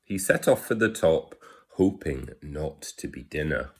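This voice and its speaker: A man reading a rhyming picture book aloud, gently asking his listeners questions. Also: rumbling low, animated, a little slow, vocal fry. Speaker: storyteller.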